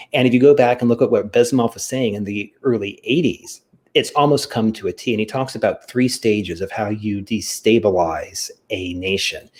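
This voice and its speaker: A man's voice: lowish voice, darkish tone. A man co-hosting a podcast, explaining at length in a casual way, with frequent "you know" fillers. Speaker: podcast co-host. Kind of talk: casual discussion.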